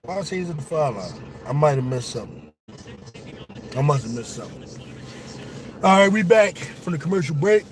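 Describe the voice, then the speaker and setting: Excitable man calling a game live. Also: fairly high pitch, normal speed, pauses often. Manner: excitable, profane, talks straight to viewers. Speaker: sports show host. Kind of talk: casual live watch-along commentary.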